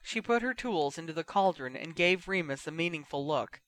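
Casting: male audiobook reader, bright forceful tone, dry close mic, slightly high voice. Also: moderate pace, no echo. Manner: expressive, steady storytelling. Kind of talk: fan fiction audiobook narration.

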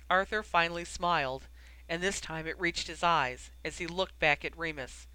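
A steady audiobook narrator with a bright, ringing voice and a smooth, crisp tone. The reading is dry and close, with no room sound. It carries the story at an even, measured pace. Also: medium pitch, no room sound, rough recording. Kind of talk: scripted narration.

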